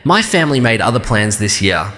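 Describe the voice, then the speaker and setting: A man tells a scripted first-person story in a calm, even, measured delivery. His voice is bright and forward, and each phrase hangs in a long reverb. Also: mid-range voice. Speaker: narrator.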